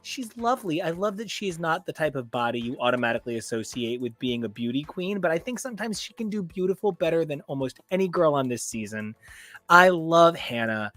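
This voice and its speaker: A man co-hosting a podcast in casual chat, animated and gushing, jumping up to high notes when excited. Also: fairly quick, no room sound. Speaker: podcast co-host.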